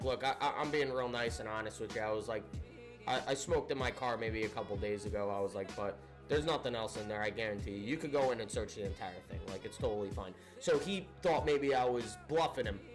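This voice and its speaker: A young man casually telling a storytime tale, animated and profane, often breaking into laughter. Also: mid-range voice. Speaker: storyteller vlogger.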